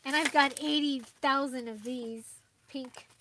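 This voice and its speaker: Chatty high-voiced woman crafting host. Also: steady tone, a little slow, background noise. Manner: chatty, rambling, with frequent fillers and laughs. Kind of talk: casual livestream chat.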